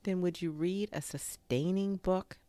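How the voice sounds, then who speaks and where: A gentle, simple-minded teddy bear, as a woman reader puts him on, speaking mildly and a little plaintively. The voice sits low and unhurried, in a close, dry storybook reading. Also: no room sound, natural voice. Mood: anxious.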